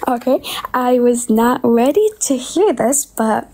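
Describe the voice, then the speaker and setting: A woman's voice: fairly high pitch, lively intonation, slow, dark tone. A young Iraqi woman, a native Arabic speaker, chatting in English on a live stream, flustered and giggly with lots of fillers. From Iraq. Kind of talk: casual chat.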